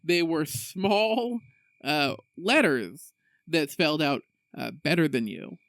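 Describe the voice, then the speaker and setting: Excitable higher-voiced man, lively chat. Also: no echo. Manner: excitable, laughs, adds quick asides. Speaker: podcast co-host. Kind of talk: casual podcast chat.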